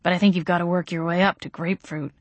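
A calm, protective male vampire from another era , read by a woman in an audiobook. He sounds bemused and soothing. Dry, close sound. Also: fairly low pitch, fast talker, dry recording, close to an everyday voice.

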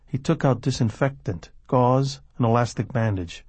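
A man narrating a novel in a measured storytelling manner. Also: mid-range voice, a little mellow, husky, no room sound. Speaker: audiobook narrator. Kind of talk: scripted narration.

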